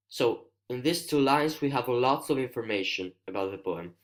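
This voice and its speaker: A male student with an Italian accent, a native Italian speaker, explaining a poem in a screencast lesson, careful and hesitant, pausing to find his words. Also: mid-range voice, expressive. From Italy.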